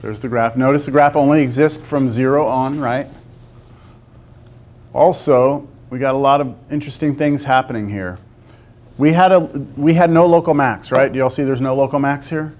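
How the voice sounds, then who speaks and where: A man's voice: mid-range voice, moderate pace, darkish tone. Guy teaching calc, keeps asking the class if they get it. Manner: talks to the class, asks lots of check-in questions. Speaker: math teacher. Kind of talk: classroom calculus lecture.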